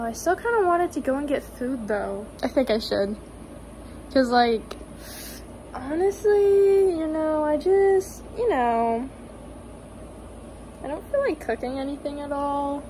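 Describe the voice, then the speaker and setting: A young woman chatting casually in a vlog, full of fillers and swearing, slipping into whispers then growing loud and excited. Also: fairly high pitch, a little hiss or hum, low-quality recording. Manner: heavy filler and frequent swearing. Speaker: vlogger. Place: at home and outdoors.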